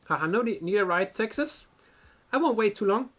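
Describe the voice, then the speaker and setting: A playful, self-assured young woman who drives a cab and teases an old friend, read aloud by a man in his everyday voice. The voice sits a little high and sounds confident and needling. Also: expressive, a little fast, fairly bright tone. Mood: teasing. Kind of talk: reading game dialogue aloud.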